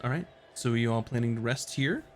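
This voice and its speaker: A man narrating as game master of a tabletop game, describing scenes in a relaxed, rambling way with many fillers. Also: mid-range voice, quick pace, a little hiss or hum.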